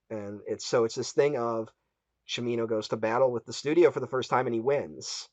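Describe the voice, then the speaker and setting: A man's voice: medium pitch, fairly even intonation, a little fast, darkish tone, no echo, highs cut off. A man hosting a casual film podcast, retelling a story with quotes he acts out. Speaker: podcast host.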